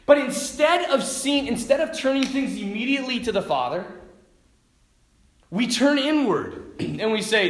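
Animated man telling a story in a roomy hall. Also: extremely high pitch, unhurried, a little hiss or hum. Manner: animated, laughing, restarts sentences often. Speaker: priest, vocation director. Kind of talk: sermon with personal storytelling.

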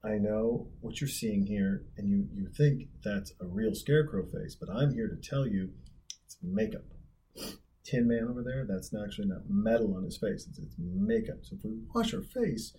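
A man's voice: on the low side, expressive, normal speed, gravelly, mellow, poor audio. A man voicing a scarecrow who explains to viewers that his face is makeup, in a chatty, matter-of-fact way. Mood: explaining.

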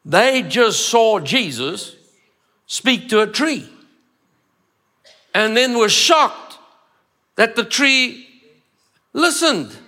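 A man's voice: extremely high pitch, big pitch swings, extremely slow, long pauses, pushed and bright. A man preaching a sermon, emphatic, repeating phrases and acting out dialogue. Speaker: pastor.

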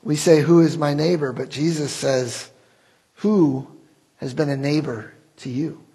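A man's voice: fairly high pitch, a little slow, mellow, husky, low-quality recording. A man preaching a sermon as pastor, earnest and building to impassioned rhetorical questions.

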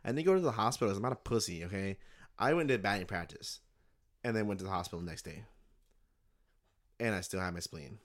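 Laid-back low-voiced young man. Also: expressive, fast, long pauses. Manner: rambling, laid-back, swearing, says "dude". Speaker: podcast host. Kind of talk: casual storytelling chat.

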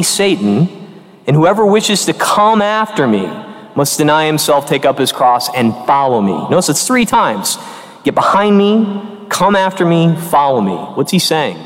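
A man in his early forties, a Catholic priest, preaching a conversational and earnest sermon with emphatic turns. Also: a little high. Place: church. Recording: long church reverb.

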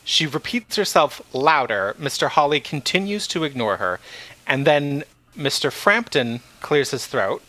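A man hosting a casual book discussion, retelling the plot in an animated way with frequent laughs and some swearing. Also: on the high side, unhurried, poor audio. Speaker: podcast host.

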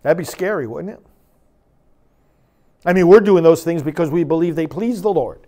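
A man's voice: fairly high pitch, moderate pace, warm tone. A man who is a priest, giving a sermon and reading scripture with emphatic, dramatic force.

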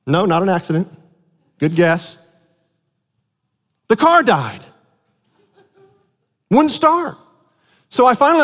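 Male pastor, high voice, conversational preaching with repeated phrases, reverberant hall sound. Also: fairly bright tone. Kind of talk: sermon.

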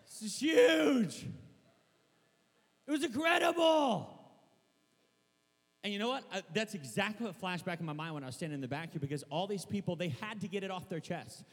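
A young man preaching a sermon in a church, rambling and excitable, stumbling over restarts and breaking into shouts. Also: high-pitched, very fast, few pauses, big-room sound. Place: church hall.

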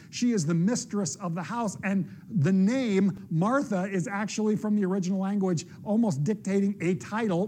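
A man's voice: high-pitched, warm tone, husky. A male pastor preaching a sermon in a conversational, explanatory way.

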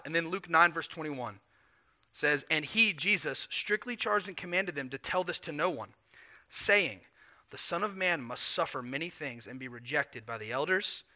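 A pastor preaching a sermon, animated, acting out the quotes and swinging from loud passages to hushed ones. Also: male voice, a little high.

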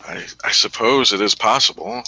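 A man's voice: medium pitch, huge pitch swings, moderate pace, vocal fry, sharp tone, husky, dry recording, low-quality recording. A man playing a tabletop game, speaking in character in an earnest, formal and resolute way. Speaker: player. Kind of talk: in-character tabletop role-play.

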